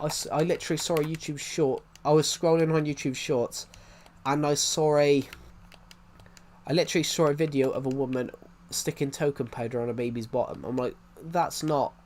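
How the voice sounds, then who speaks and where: A man's voice: a little high, darkish tone, slight background noise. A young man with a blocked nose, chatting casually on a live stream, rambling, restarting his sentences and swearing.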